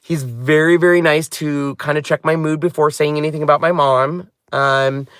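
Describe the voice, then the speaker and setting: A man's voice: on the high side, steady tone, normal speed, a bit bright, clean tone, dry recording, studio quality. A man hosting a craft channel, chatting casually and heartfeltly from inside a car, often drifting off on tangents. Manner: rambling, heartfelt, wanders off on tangents. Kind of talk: casual vlog chat.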